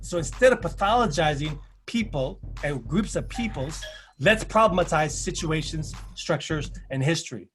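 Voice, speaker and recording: A man giving a presentation, speaking in rhythmic, repeated emphatic phrases and telling stories with acted-out quotes. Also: a little high. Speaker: panel presenter. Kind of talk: presentation talk.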